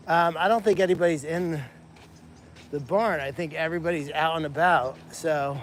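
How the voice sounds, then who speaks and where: A chatty man with a somewhat high voice rambles through a casual live-stream walk-through, full of fillers and restarts. He is walking outdoors on a farm pasture. His phone, held in his hand, picks up the talk. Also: steady tone, measured pace, slight background noise. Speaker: animal sanctuary caretaker.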